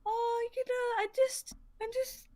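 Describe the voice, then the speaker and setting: A woman's voice: very high voice, little pitch movement, a little slow, mellow, no echo, pitched above the performer's own voice. A woman voicing a chatty middle-aged northern woman shopper who talks in a breezy, overfamiliar way.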